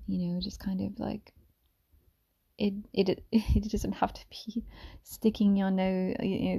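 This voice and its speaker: Soft, creaky-voiced woman half-whispering. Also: mid-range voice. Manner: soft, gentle, slipping into whispers; meandering, with many fillers and restarts. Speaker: mother sharing reflections. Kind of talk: soft-spoken ASMR talk.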